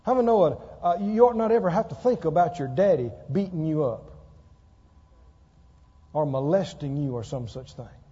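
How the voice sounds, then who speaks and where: A man preaching a sermon to a congregation, emphatic, repeating lines slowly for stress and asking the people questions. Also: fairly high pitch, expressive, mellow, slightly rough. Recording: dull lo-fi sound with long hall reverb.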